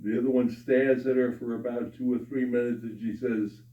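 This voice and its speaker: A man telling jokes to a live audience with a slow, deliberate delivery. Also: mid-range voice, fairly even intonation. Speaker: joke teller. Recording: echoey room from far off, dull sound.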